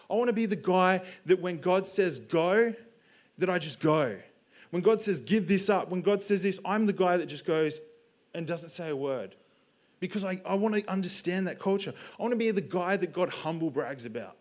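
A young man giving a sermon, telling Bible stories in a conversational way and acting out the characters' lines. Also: a little high. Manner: conversational storytelling, acts out Bible dialogue. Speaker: preacher.

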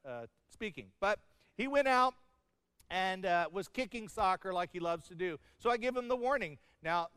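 A man's voice: fairly high pitch, a bit bright, smooth, no echo, big-room sound. A middle-aged man preaching a sermon, telling stories with humor and acting out the lines of the people in them. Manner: storytelling with humor and acted-out quotes. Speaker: pastor.

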